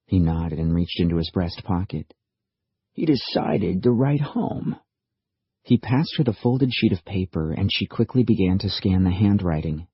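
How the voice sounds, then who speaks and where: In a dry, slightly dull audiobook recording with no echo, a male narrator with a deep, husky voice delivers scripted narration. His storytelling is steady and measured.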